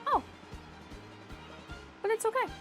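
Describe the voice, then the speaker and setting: Chatty excitable woman streaming a game. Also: very high-pitched, slow pace, faint music behind. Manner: excitable, self-mocking, chatty with viewers. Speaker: livestream co-host playing a kart racing game. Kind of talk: casual livestream banter.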